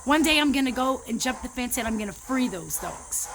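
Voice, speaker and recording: Woman, 30s, high voice, emotional vlogger, earnest and rambling with restarts. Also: lively intonation, a little fast, fairly bright tone, slight background noise. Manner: heartfelt, rambling, with many restarts. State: emotional, near tears. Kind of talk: emotional personal vlog.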